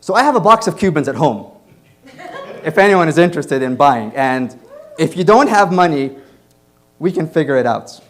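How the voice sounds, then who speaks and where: Animated man telling a stand-up story. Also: on the high side, moderate pace, long pauses. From Egypt. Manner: animated, acts out other voices. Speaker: comedian and host. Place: comedy club stage.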